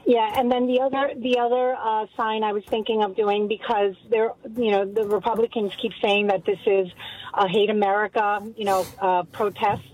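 A woman's voice: medium pitch, flat delivery, normal speed, darkish tone, poor audio. A woman with a New York accent calling in to a radio show, chatty and upbeat. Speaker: caller.

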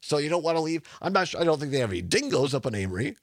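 A man's voice: on the high side, very animated, racing, no echo, clean studio sound. A man hosting a radio talk show, chatty and rambling, laughing often. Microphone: studio microphone.

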